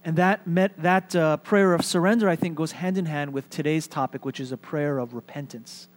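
A man's voice: on the high side, moderate pace. A male pastor preaching a sermon in a conversational way, with fillers and light humor.

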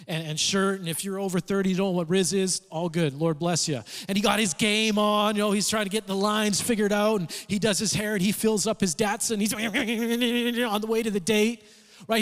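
Animated high-voiced male preacher, reverberant hall. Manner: animated storytelling with acted-out quotes. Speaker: pastor. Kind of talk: sermon.

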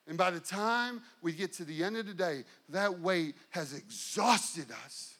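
A middle-aged male pastor delivering a sermon, building intensity through repeated phrases and slowing down for emphasis. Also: sits high, animated, sharp tone. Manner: preaching with rising and falling intensity, repetitive emphasis.

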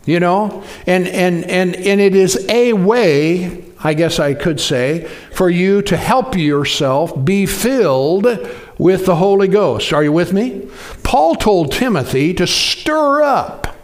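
Exhorting male preacher, fairly high voice. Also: slow pace, a little mellow. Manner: exhorting, loose storytelling with many restarts. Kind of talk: sermon.

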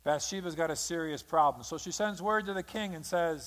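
A man's voice: high voice, a little fast, few pauses, fairly bright tone. A man preaching a sermon, telling a story dramatically and acting out the quotes of the people in it. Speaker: pastor. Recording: long hall reverb.

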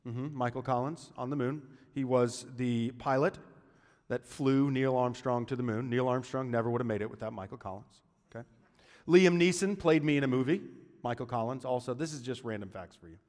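A man's voice: medium pitch, fairly quick, a little mellow, long reverb tail. A man preaching a sermon in a conversational way, with joking asides between points. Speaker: pastor.

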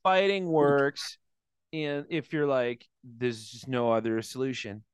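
A man's voice: medium pitch, fairly even intonation, slow, smooth, no room sound. A man chatting casually as a comedian co-host, acting out quotes in different voices and swearing freely. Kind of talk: casual podcast chat.

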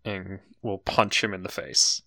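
A tabletop player with an animated, swinging pitch who jokes along with the table. The sound is dry and close. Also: moderate pace, dry recording. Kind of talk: casual tabletop play.

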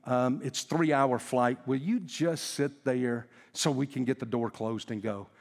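A man's voice: medium pitch, measured pace, big-room sound, voice pushed down, lightly acted. A man voicing a tired female flight attendant pleading with a passenger. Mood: weary.

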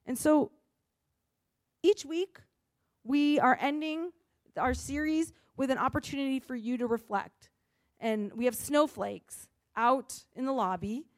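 A woman pastor giving a sermon in an earnest, expressive way, acting out the lines she quotes. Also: high-pitched, a little slow, dry recording, studio quality.

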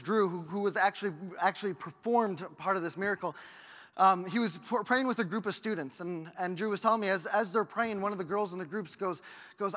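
A man's voice: high-pitched, pushed and bright. A man pastor giving an earnest storytelling sermon, often repeating words as he goes. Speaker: family life pastor. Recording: echoey hall.

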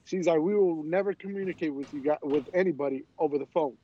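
A man with a high voice chats casually on a podcast. He tells stories animatedly and swears often. The recording sounds dull and muffled. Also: fast talker. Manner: animated, profane storyteller. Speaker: podcast co-host. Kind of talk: casual chat.

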